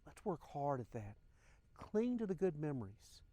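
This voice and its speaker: A man's voice: fairly high pitch, big pitch swings, moderate pace, warm tone, dry recording. Older man, podcast host, earnest reflective monologue, dry close sound. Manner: earnest, emotional, speaks directly to listeners.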